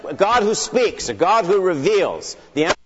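A man's voice: sits high, sing-song, normal speed, a bit bright. A man giving an earnest, emphatic Bible lecture that opens with a prayer, with wry asides along the way. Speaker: Bible teacher. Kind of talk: teaching lecture opened with prayer. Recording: long hall reverb, dull lo-fi sound.

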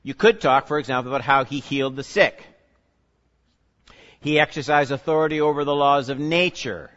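Speaking at a moderate pace with a medium pitch, a male pastor teaches his sermon in a conversational manner, questioning the congregation and alternating loud emphasis with quiet asides. The hall is reverberant and the sound dull and lo-fi.

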